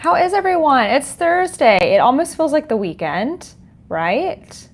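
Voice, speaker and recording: A woman's voice: high voice, big pitch swings, unhurried. A woman hosting a livestream from home, greeting viewers and reading their chat comments with frequent laughs. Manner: bubbly, laughs often, reads chat comments aloud. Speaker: podcast host on a livestream. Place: home, dog nearby. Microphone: desk microphone.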